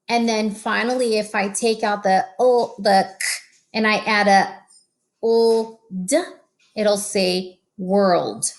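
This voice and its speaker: A woman teaching a phonics lesson to children, slow and patient, stretching out each sound. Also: fairly high pitch.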